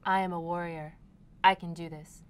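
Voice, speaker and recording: A woman's voice: fairly low pitch, flat delivery, moderate pace, smooth. A young woman co-hosting a casual food-tasting show, upbeat and game to try anything while talking through each bite. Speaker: co-host.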